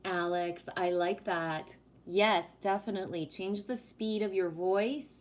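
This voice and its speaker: Woman warmly chatting with her stream viewers. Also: on the low side, unhurried. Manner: affectionate, calls viewers sweetie; projects her voice strongly. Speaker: livestream host reading chat. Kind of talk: casual live-stream chat with viewers.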